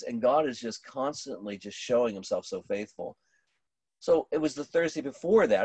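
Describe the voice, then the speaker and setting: Husky middle-aged man, lowish voice, animated storyteller, restarts and fillers, dry close sound. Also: no echo. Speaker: pastor. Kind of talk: storytelling conversation.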